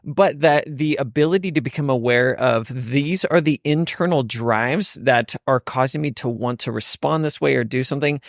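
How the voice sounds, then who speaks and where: A man's voice: medium pitch, normal speed, vocal fry, few pauses, no room sound, clean studio sound. A man guesting on a podcast in casual chat, speaking reflectively and thoughtfully. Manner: reflective, thoughtful, quotes thinkers.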